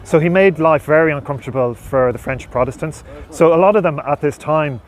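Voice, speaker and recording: An Irish man explaining language history in a relaxed, casual vlog, with fillers and restarts, speaking outdoors in a city centre. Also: on the high side, fairly quick. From Ireland. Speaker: language vlogger.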